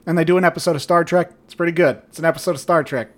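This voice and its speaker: A man co-hosting a podcast, giving a sarcastic, profane and animated retelling in casual chat. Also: fairly high pitch, very fast, hardly any pauses. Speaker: podcast co-host.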